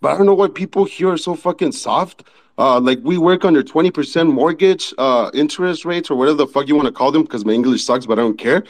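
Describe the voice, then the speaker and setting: A man from Mexico with a Mexican accent, a Spanish speaker chatting in an online audio room. He talks bluntly and profanely in a rambling way, from a fast-food restaurant. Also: on the high side.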